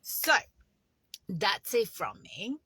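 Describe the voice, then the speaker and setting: Female meditation coach, bright dry voice, chatty and instructional, English. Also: mid-range voice, huge pitch swings, very slow, husky, no echo. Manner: chatty, non-native English phrasing, guiding breaths. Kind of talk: casual instructional talk.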